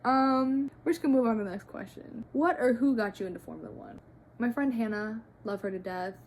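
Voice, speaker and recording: A woman in her early twenties chatting through a casual Q&A vlog, rambling excitably with playful tangents. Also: fairly high pitch, fairly quick, a little hiss or hum. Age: early 20s. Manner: frequent "like" fillers, playful tangents. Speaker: vlogger. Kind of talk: casual Q&A chat.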